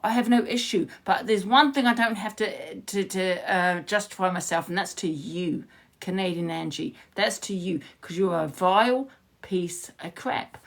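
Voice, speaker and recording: Woman, livestreamer, heated rant to viewers, swears freely, gravelly edge, phone mic. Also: medium pitch, normal speed. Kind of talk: ranting live stream to viewers.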